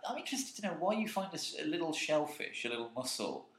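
A man's voice: fairly high pitch, sing-song, fast, a bit bright, echoey room. A man co-hosting a podcast, teasing his friend with silly hypothetical questions in casual chat. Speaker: podcast co-host.

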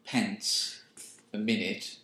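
A man's voice: on the low side, little pitch movement, drawn-out words, sharp tone, echoey room, low-quality recording. A man chatting casually as a co-host, teasing his partner with dry, wry asides. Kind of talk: casual chat.

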